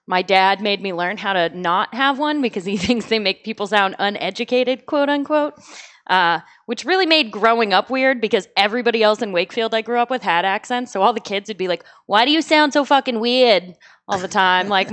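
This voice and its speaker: Young woman, stand-up comic, chatty, filler-heavy, even pitch. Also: a little fast. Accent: none (General American, no Boston accent). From just outside Boston. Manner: chatty, lots of "like", laughs at own jokes. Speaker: stand-up comedian. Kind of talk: stand-up comedy duel.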